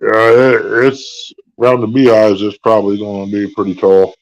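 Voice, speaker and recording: A low-voiced man with a drawl talks easily and without hurry. The sound is dull and lo-fi. He chats with a folksy, unhurried manner. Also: flat delivery. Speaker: live stream host. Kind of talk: casual chat. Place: hospital room.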